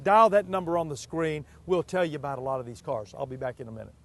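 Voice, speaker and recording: A man hosting a TV car sales show outdoors on a car lot, pitching used cars with emphatic, repeated prices. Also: lively intonation, fast, heavy background noise. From Pacific Northwest US.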